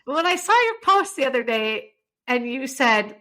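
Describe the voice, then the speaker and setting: A woman hosting a podcast, talking in an eager, chatty way. Her voice sits a touch high and rings bright and forceful. She laughs easily between questions. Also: very animated, moderate pace. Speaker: podcast host. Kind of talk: casual interview chat.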